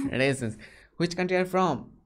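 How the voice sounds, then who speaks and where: A man's voice: sits high, sing-song, a little slow. Curious man quizzing strangers on a video call. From India. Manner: curious, asks many short questions. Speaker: host. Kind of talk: casual video chat with strangers.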